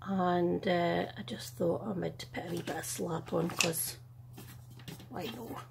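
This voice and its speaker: A middle-aged Scottish woman and makeup artist chatting casually through a makeup tutorial at home, in a soft, half-whispered, self-deprecating way. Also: lowish voice, steady tone, a little slow, creaky, background noise.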